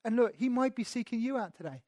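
A man's voice: extremely high pitch, expressive, fast talker, dark tone, dry recording, studio quality. A man preaching a sermon in a conversational teaching manner, speaking directly to his listeners.

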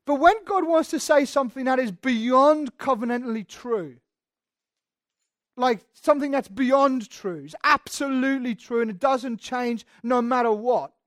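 A woman's voice: sits high, measured pace, no room sound. A woman preaching a conversational sermon, chatty and emphatic, with frequent ums and repeated words.

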